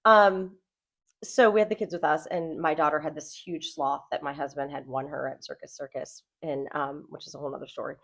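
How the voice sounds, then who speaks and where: Casual female co-host, middle-aged, animated storyteller, plays out the voices. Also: low-pitched, brisk, vocal fry. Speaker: podcast co-host.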